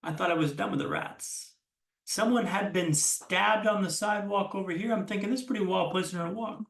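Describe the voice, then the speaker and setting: A man giving a keynote speech as a storyteller, with punchy lines, dramatic pauses and self-deprecating humor. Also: high voice, vocal fry, fairly bright tone, echoey room, recorded from a distance. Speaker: keynote speaker. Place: conference hall stage.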